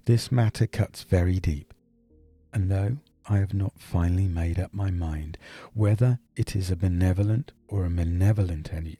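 A male reader voicing a brilliant, brisk detective in an audiobook, speaking in a crisp, measured way. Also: deep voice, mellow. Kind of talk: audiobook character reading.

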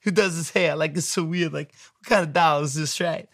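A chattering young woman gossips and sneers, filling every phrase with "like", as a man puts her on. The voice is raised and bright, with plenty of push behind it. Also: a little high, steady tone, brisk, no echo, studio quality, pitched above the performer's own voice. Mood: mocking. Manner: valley-girl chatter full of "like".

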